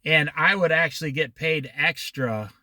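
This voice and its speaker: A man's voice: fairly high pitch, measured pace, bright, forceful tone, dry recording, clean studio sound. A man from Iowa leading a casual Bible study outdoors by the ocean at dusk, talking in a folksy, rambling way and wandering into side stories.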